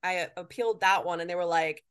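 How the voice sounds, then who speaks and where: A woman's voice: on the low side, a little fast, clean tone. A woman from New Jersey with a New Jersey accent, telling blunt, sarcastic stories in casual podcast chat. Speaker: podcast co-host.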